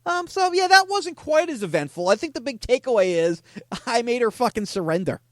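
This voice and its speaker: Lively high-voiced man retelling chats. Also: brisk, no room sound, studio quality. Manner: deadpan retelling, frequent "I go, she goes". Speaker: podcast host reading scam chats. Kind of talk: casual comedic retelling.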